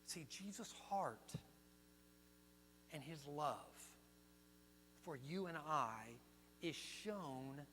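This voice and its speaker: An older man preaching a sermon as pastor, telling stories and swinging from hushed to loud. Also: a little high. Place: church sanctuary. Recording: long hall reverb with mains hum.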